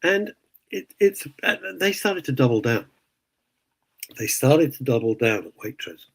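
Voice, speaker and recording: A man's voice: mid-range voice, big pitch swings, a little slow, a bit bright, poor audio. A man hosting a radio show, ranting indignantly in casual opinionated chat. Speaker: radio host.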